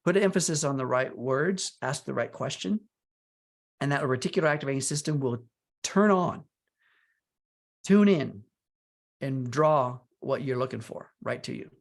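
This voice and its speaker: A man co-hosting a wellness talk, explaining ideas in a halting way and often restarting his words. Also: mid-range voice, animated, vocal fry. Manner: halting, repeats words as he thinks.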